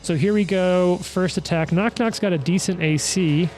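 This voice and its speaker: A man running a tabletop game as game master, calling attacks and damage in a quick, auctioneer-like play-by-play. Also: sits high, a little mellow, soft background music.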